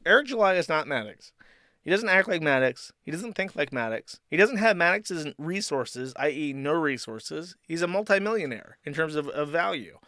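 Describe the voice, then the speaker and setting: A man's voice: a little high, expressive, moderate pace, bright, forceful tone, dry recording. A man hosting a livestream, talking in a sardonic, profane, rambling way. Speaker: streamer host. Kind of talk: livestream commentary.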